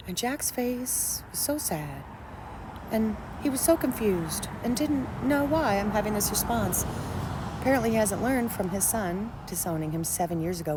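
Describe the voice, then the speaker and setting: A woman's voice: mid-range voice, noisy background. A woman telling a story straight to camera in a blunt, profane, sarcastic rant.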